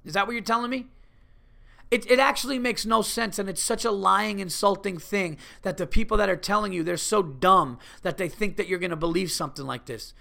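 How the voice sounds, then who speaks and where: A man with a high, gravelly voice rants on his podcast, loud and profane. His tone is bright and edgy, and he swears through every sentence. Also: brisk. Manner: profane, heated ranting. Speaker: podcast host. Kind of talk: solo podcast rant.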